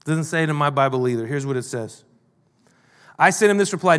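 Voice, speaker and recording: A male pastor preaching a sermon, moving between emphatic and quiet delivery. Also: a little high, animated, a little fast, big-room sound.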